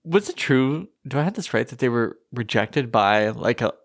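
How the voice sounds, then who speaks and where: A man's voice: medium pitch, lively intonation, normal speed, creaky, no echo. A man co-hosting a podcast, chatting casually and joking with dry understatement. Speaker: podcast co-host. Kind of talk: casual chat.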